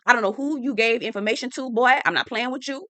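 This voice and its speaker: A woman's voice: fairly high pitch, fast, a bit bright, no echo, pitched above the performer's own voice, close to an everyday voice. A woman voicing a stern older male mayor who scolds a young man bluntly and with profanity. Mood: warning.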